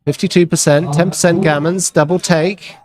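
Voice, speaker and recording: A man's voice: a little high, steady tone, normal speed. A man commentating live on a backgammon match in a chatty, wry way, with playful asides.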